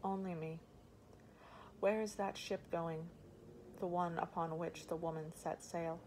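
A woman's voice: on the low side, steady tone, a little slow, warm tone, a little hiss or hum, natural voice, low-quality recording. A woman reading the part of a desperate young prince, urgent and pleading, in an audiobook.

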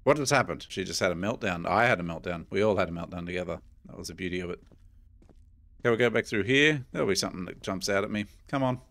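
Playing a horror game, this middle-aged gaming YouTuber with an Australian accent talks to his audience in a jumpy, chatty stream of commentary. He speaks fast, his low voice a bit bright.

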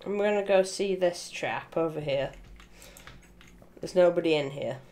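Excitable woman gaming streamer. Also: lowish voice, unhurried. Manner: excitable, laughs often, swears casually. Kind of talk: casual gameplay banter.

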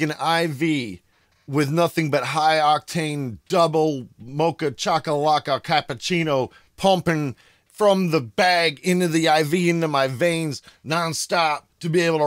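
An excitable American man hosting casual reaction commentary at home, bursting into shouts of amazement. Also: a little high, dry recording. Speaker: reaction video host. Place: home room.

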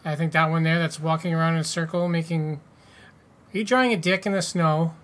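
A man's voice: on the high side, steady tone, fairly quick, a bit bright. A man hosting a casual let's-play, joking, swearing and reading game text aloud. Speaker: gaming channel host.

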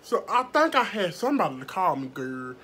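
A woman vlogger telling a story to her viewers in a casual, animated way, swearing freely. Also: on the low side, fairly quick, a little hiss or hum. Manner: animated, profane, talks straight to viewers.

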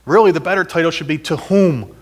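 A man's voice: fairly high pitch, brisk, breathy edge. A middle-aged man, a pastor, giving a sermon in a church, telling personal stories in a conversational, self-deprecating way that builds to emphatic points. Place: church sanctuary.

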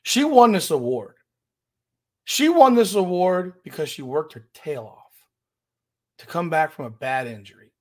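A man's voice: on the high side, big pitch swings, measured pace, pauses often, a little mellow. A man hosting a podcast, giving emphatic, indignant commentary and often repeating himself. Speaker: podcast host. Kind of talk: opinionated commentary.

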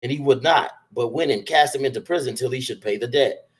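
Male reader, mid voice, steady plain scripture reading. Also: medium pitch, fairly quick, low-quality recording.

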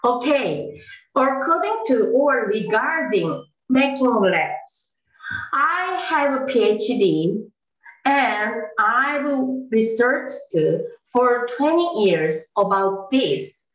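A high-voiced, theatrical coworker with a wildly swooping delivery, played by a woman in an online improv scene. She lays out her grievances slowly and dramatically. The sound is roomy and a bit dull, like a video call. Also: very animated, a bit bright, full character voice. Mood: smug. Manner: dramatic, indignant, bursts into mock crying. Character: indignant woman coworker passed over for promotion. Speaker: improv performer.

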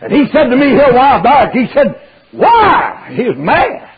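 An older man preaching a fiery sermon, drawling through stories and breaking into shouts. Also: extremely high pitch, sing-song, fairly quick, slightly rough. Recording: dull lo-fi recording.

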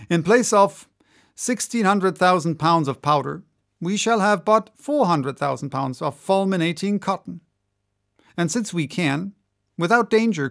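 A man reading the part of a confident male president of a gun club, explaining calmly and at length in an audiobook. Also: on the high side, gravelly. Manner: calm, explanatory, lecturing.

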